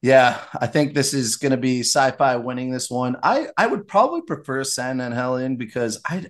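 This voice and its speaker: A man hosting a casual podcast chat, upbeat and opinionated, with quick asides. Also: mid-range voice, expressive. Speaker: podcast host.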